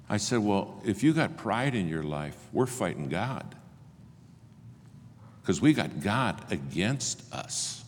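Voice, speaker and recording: Older guy preaching, very low voice, acts out all the back-and-forth, faint room hum behind. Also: expressive, normal speed. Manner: storytelling, acts out dialogue with big swings in pitch and volume. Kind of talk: sermon. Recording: long hall reverb, faint ambience.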